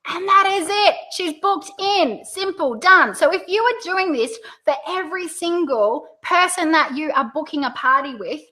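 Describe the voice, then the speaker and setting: An Australian woman coaching direct sellers in a video lesson, upbeat and playing up her rising and falling pitch. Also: lively intonation, normal speed, few pauses, sharp tone. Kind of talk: video tutorial.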